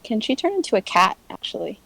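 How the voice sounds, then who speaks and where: A woman's voice: a little high, big pitch swings, fast talker, vocal fry, fairly bright tone, rough recording. A woman playing a tabletop game, playful and giggly as she describes her character. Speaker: player.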